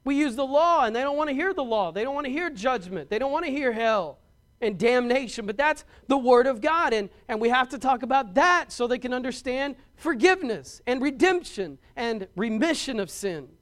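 A man's voice: very high-pitched, expressive, normal speed, fairly bright tone. A middle-aged man preaching a sermon as pastor, stressing points emphatically and often repeating words.

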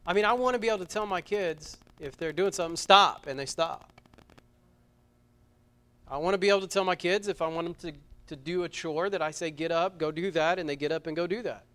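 A pastor preaching a sermon at a church service, earnest, stumbling over repeated words and swinging from loud urgency to a hushed close. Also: male voice, sits high, fast talker.

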